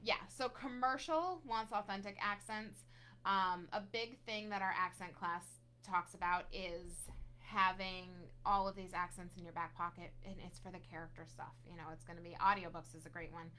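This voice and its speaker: A woman's voice: lowish voice, level tone, moderate pace, sharp tone. A woman co-hosting a casual live question-and-answer session, upbeat as she reads out viewer questions. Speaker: casting director co-host.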